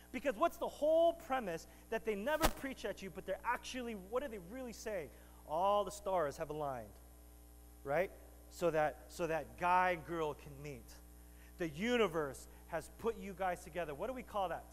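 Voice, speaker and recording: A pastor with a high, animated voice speaks at normal speed to his congregation, bantering with them before building into emphatic preaching. The rough recording carries the big-room sound of the church sanctuary.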